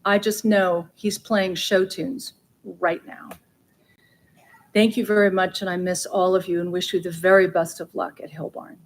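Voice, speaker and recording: A woman's voice: on the low side, little pitch movement, unhurried. A woman gives a reflective farewell speech at a memorial on a theater stage.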